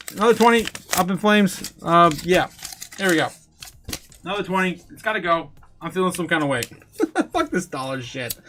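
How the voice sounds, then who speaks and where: A young man hosting a crypto livestream, rambling, laughing, swearing and exclaiming loudly, a bit tipsy. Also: high voice. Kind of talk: rambling live-stream chat.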